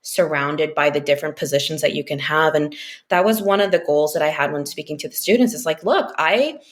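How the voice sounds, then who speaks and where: A woman speaking as a podcast guest in a casual interview chat, talking quickly with frequent fillers and easy laughter. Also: low-pitched, steady tone. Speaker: podcast guest, business analyst.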